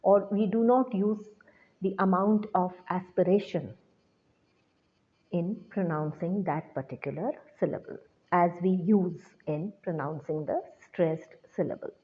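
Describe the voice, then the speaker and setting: A woman teacher giving a recorded lecture, explaining slowly and deliberately to students. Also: lowish voice. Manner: slow, deliberate classroom explanation. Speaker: English teacher. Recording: tinny phone-like sound.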